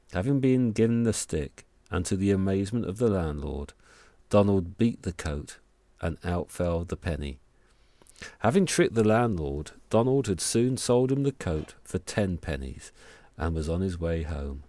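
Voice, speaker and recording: A man tells a folk tale at a measured pace. His voice sits low with a dark, mellow timbre. The recording is dry and close. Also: lively intonation, no room sound. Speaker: storyteller. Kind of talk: storytelling narration.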